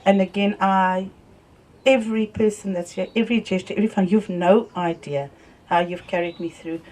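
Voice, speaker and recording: A woman's voice: medium pitch, normal speed. Older South African woman telling stories. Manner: lively storyteller, laughs through tales, softens when thanking people. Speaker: family member speaking at a wake. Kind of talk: anecdotal eulogy storytelling. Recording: voice from far off the mic.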